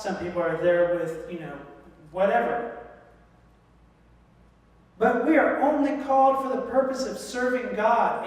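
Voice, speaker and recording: A man delivers a sermon with lively humor, acting out the voices of people in his stories. His voice sits high, and he sounds far from the mic, with a long, roomy echo filling the church hall around him. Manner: animated, joking, acts out voices in quotes. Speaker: guest speaker.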